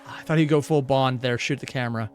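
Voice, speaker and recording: A man hosting a reaction video, chatting casually and excitably and swearing freely. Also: medium pitch, quick pace, faint music behind.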